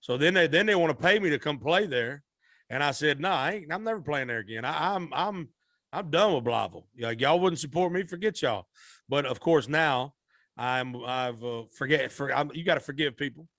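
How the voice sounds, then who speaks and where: A man's voice: a little high, animated, brisk, fairly bright tone, dry recording, studio quality. A man, a musician guest telling a rambling, folksy story in a podcast interview. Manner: rambling, repeats and restarts, Southern-style folksy speech.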